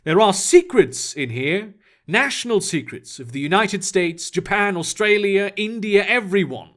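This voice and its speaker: A man's voice: high voice, lively intonation, unhurried, a bit bright, pitched above the performer's own voice. A man voicing a cold, menacing young male spy who speaks curtly and with scorn. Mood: scornful. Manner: curt, scornful and threatening.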